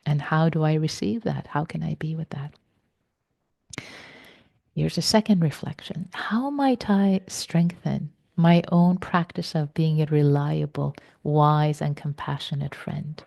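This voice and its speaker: A woman meditation teacher giving a slow, reflective dharma talk in a soft voice, with some words whispered for stress. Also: sits low, gravelly, no echo.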